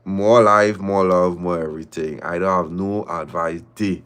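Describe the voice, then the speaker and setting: A man's voice: low-pitched, steady tone, normal speed, a bit bright, smooth. A man hosting a livestream, reading viewer stories aloud and reacting with laughter and repeated phrases. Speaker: livestream host.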